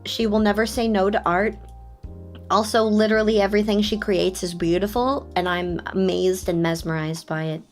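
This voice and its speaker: A young adult woman chatting casually on a live stream, excitable and often giggling. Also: normal speed. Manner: giggly and excitable, often breaking into high laughs. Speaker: VTuber streamer. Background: faint background music.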